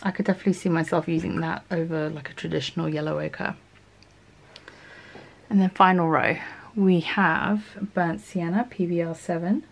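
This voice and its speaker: A woman hosts her art channel in a relaxed, chatty way, thinking aloud as she swatches her paints. Her voice sits a little low and has a gravelly edge, and she often corrects herself mid-sentence. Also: moderate pace. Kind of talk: casual talk while swatching paints.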